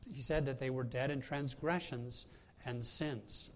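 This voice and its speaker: A man's voice: mid-range voice, a little slow, slight background noise. A man preaching a sermon as pastor, telling a personal story in a conversational way with frequent hesitations and restarts.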